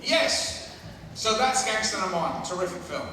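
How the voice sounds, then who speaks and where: A man in his sixties, a guest at a convention panel, telling stories to an audience with lively, profane mimicry. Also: high voice, normal speed, slight background noise. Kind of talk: storytelling Q&A with audience. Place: large convention hall. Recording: echoey hall from far off with loud crowd.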